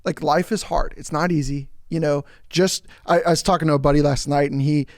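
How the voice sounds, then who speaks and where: A man's voice: fairly high pitch, steady tone, fairly quick, no room sound, studio quality. A man co-hosting a podcast, telling a rambling story in casual chat. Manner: rambling, filler-heavy storytelling. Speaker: podcast co-host.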